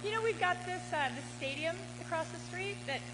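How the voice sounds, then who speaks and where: A woman's voice: extremely high pitch, animated, brisk. A woman from Wisconsin, a politician giving a rousing campaign rally speech and leading the crowd in call-and-response. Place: large hall at a campaign rally. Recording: reverberant hall with loud crowd noise.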